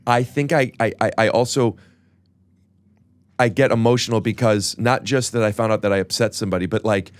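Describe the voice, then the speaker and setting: A man's voice: fairly low pitch, fairly even intonation, a little fast, dry recording. A man hosting a podcast, talking earnestly and emotionally, stumbling through restarts. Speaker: podcast host. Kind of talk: casual podcast chat.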